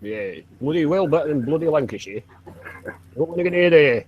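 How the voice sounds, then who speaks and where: A Yorkshire man in his forties bantering over voice chat, with a slightly higher voice than most men. He swears freely and keeps the talk jokey and casual. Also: animated, fairly quick, lo-fi sound, a little hiss or hum. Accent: Yorkshire English. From Yorkshire, England.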